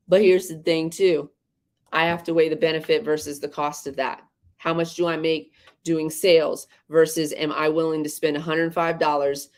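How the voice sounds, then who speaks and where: Woman with a low, deep register; casual podcast co-host, ranting and exasperated, swears freely. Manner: ranting, exasperated storytelling with profanity. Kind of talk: casual livestream chat.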